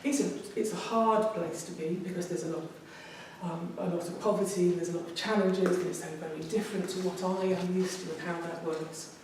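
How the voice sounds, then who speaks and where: This English woman, in her fifties, gives an emotional speech to a public speaking club about her own life, often repeating phrases. She speaks briskly with few pauses, in a lowish, darkish voice with fairly even intonation. Heard from afar in a very echoey meeting room over slight background noise.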